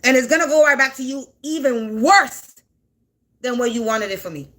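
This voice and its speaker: A woman in her forties with a high voice talks straight to camera in an unscripted monologue. Her tone is sharp and forceful. She swears bluntly and keeps repeating her points. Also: lively intonation, moderate pace. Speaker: spiritual content creator.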